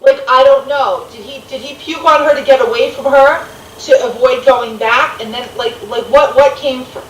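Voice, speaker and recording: A woman co-hosting a casual chat in a musing, questioning way that often drops soft and low. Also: normal speed, distant mic, dull audio. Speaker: co-host. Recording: echoey room, off-mic, faint hiss.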